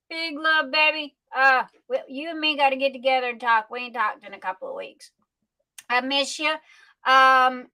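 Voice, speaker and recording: A woman hosts a casual livestream. Her voice sits high and bright, and she takes her time, chatty and affectionate with her viewers. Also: poor audio. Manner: chatty, affectionate, folksy Southern phrasing. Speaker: livestream host.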